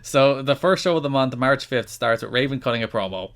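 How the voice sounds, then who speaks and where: A man co-hosting a podcast, chatting casually with wry, animated storytelling. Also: medium pitch, brisk. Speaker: podcast co-host. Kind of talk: casual chat.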